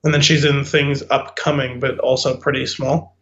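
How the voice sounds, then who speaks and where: A man's voice: mid-range voice, level tone, moderate pace, fairly bright tone, lo-fi sound. A man co-hosting a podcast in casual movie chat, acting out his own reactions. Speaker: podcast co-host.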